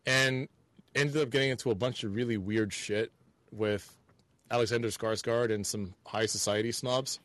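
A man co-hosting a podcast, giving his views in a thoughtful, halting way and repeating words as he thinks. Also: medium pitch, steady tone, a bit bright, no echo. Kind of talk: casual chat.

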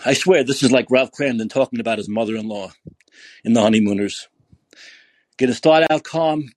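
A man hosting a podcast who rants angrily and curses, repeating himself for emphasis in a husky voice. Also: mid-range voice, moderate pace, darkish tone, no room sound. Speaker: podcast host. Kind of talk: angry political rant.

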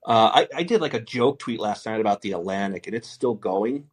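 A man's voice: on the low side, expressive, brisk, slightly rough. A man hosting a podcast, talking bluntly and profanely, often laughing mid-sentence. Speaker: podcast host. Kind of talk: casual podcast talk.

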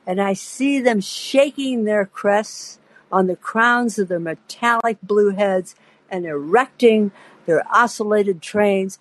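A woman spins a first-person story for her podcast audience, acting out the quoted voices with playful relish. Her pitch rises and falls in wide arcs while her pace stays slow and deliberate. The sound is close and dry. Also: no room sound, low-quality recording. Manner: theatrical, acts out quoted voices; addresses listener directly, playful. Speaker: podcast host and narrator.

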